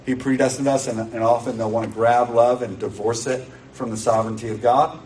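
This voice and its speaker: A man's voice: mid-range voice, fairly even intonation, brisk, darkish tone. Earnest man preaching from a distant mic. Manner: earnest, emphatic preaching with repeated phrases. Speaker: pastor. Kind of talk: sermon. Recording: distant mic with faint background noise.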